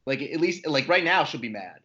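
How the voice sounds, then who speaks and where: A man's voice: fairly high pitch, lively intonation, brisk, bright, forceful tone, dull audio. A man who is a guest on a podcast, talking in an easygoing, conversational way with frequent asides. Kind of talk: casual podcast chat.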